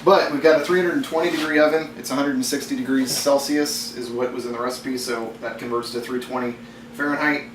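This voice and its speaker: A man's voice: medium pitch, a little fast. A man hosting a home cooking vlog, talking casually and loosely with lots of fillers and restarts. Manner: relaxed and rambling, many fillers and restarts. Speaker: home cooking channel host. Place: home kitchen. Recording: echoey kitchen, mic at a distance, audible noise.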